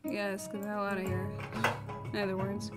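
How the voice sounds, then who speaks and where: A woman's voice: mid-range voice, monotone, moderate pace. A woman gamer casually talking through her play, hesitant and muttering to herself. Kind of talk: casual game commentary. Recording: loud game music behind.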